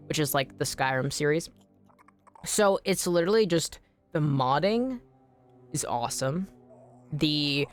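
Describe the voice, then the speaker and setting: A woman streamer chatting casually while playing a game, rambling with many fillers, swearing freely and breaking into sudden excited outbursts. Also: low voice. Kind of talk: casual live gameplay chat.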